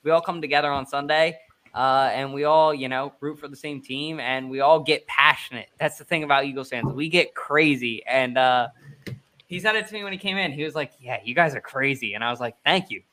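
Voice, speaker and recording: Energetic live stream host, man, bright forceful voice, hyped delivery. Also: a little high, brisk. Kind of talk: live fan show hosting.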